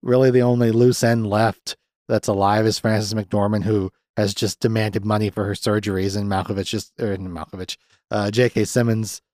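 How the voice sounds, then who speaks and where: A young man hosts a podcast, recapping a film in a rambling, profane way full of sardonic asides. His voice sits on the low side, and the recording is dry and close-miked with little room sound. Now and then he jumps up into quick, higher voices to play out the characters. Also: flat delivery, darkish tone, dry recording. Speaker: podcast host.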